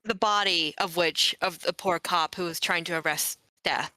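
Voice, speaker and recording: Bright-voiced playful woman on a call. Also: lowish voice, steady tone, moderate pace, no echo, low-quality recording. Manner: playful, giggly. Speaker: watch-along guest. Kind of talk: casual watch-along chat. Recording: voice chat call.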